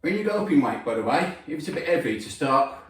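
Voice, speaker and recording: A man's voice: on the high side, sing-song, fast. A man giving blunt, opinionated, sweary gym advice in a casual workout vlog. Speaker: gym trainer. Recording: roomy gym, mic at a distance.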